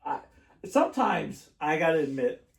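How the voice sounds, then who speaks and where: A gravelly, fairly high voice with big pitch swings belongs to a podcast host speaking at a moderate pace. He tells meandering stories in casual conversation and laughs often, captured by a distant mic in an echoey room.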